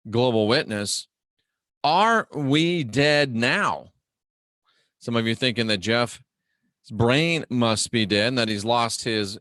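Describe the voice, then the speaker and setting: A man's voice: medium pitch, bright, forceful tone, no echo, studio quality. Emphatic man teaching scripture on a livestream. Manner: conversational and emphatic, slows and raises voice for key phrases; greets viewers and talks to himself while navigating a website. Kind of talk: casual livestream Bible teaching.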